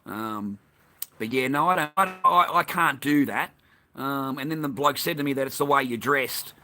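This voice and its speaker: A man's voice: medium pitch, moderate pace, bright, forceful tone. A man with an Australian accent delivering an angry, profane, repetitive ranting monologue as a vlogger.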